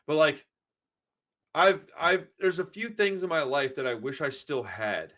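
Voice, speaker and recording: A podcast host in his forties, a man with a voice pitched a little higher than most men's. He talks in loose, rambling stories, throwing in swear words and "dude" at every turn. The chat is casual and unscripted. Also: very animated, a little slow, fairly bright tone. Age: 40s. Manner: rambling, profane storyteller, says dude a lot.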